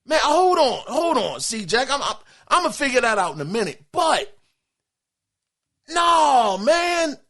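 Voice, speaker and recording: Male podcast host reading listener mail, lively swinging pitch, bright voice, keeps exclaiming and stammering. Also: measured pace. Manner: animated, exclaiming, laughing, stammering. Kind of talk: casual podcast chat reading listener email.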